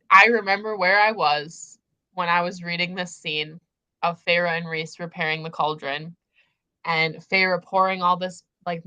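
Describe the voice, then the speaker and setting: A woman's voice: lowish voice, pushed and bright. A young woman hosting a casual book chat livestream, gushing and emphatic as she talks through the story. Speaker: host.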